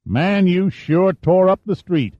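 A man's voice: high voice, animated, slow pace, a little mellow, dry recording, highs cut off, pitched above the performer's own voice, full character voice. A man voicing a brash male radio spotter who talks in a loose, cocky drawl.

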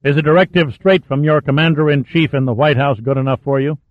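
A man's voice: fairly high pitch, fairly even intonation, fast talker, no echo, pitched above the performer's own voice, close to an everyday voice. A man voicing a stern male general who gives clipped orders, on a tinny, dry recording. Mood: commanding. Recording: tinny phone-like sound, dry.

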